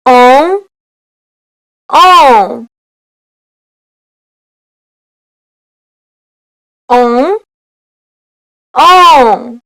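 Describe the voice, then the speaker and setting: A woman modeling vowel sounds and words slowly, with careful, drawn-out enunciation. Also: high voice, lively intonation, fairly bright tone, dry recording. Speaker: native speaker modeling sounds. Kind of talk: slow pronunciation examples.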